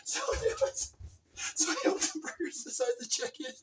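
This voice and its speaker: Comic storyteller: a man with a high, lively voice, rambling and laughing. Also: normal speed, far from the mic, noisy background. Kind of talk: comedic storytelling.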